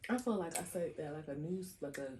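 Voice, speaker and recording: A woman's voice: sits low, lively intonation, a little fast, darkish tone, a little hiss or hum. A woman co-hosting a podcast in casual chat, talking in a reflective, easygoing way. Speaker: podcast co-hostess.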